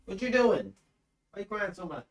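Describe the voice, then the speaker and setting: A man talking to his dog in a high, cooing, half-scolding voice. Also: sing-song, moderate pace, echoey room.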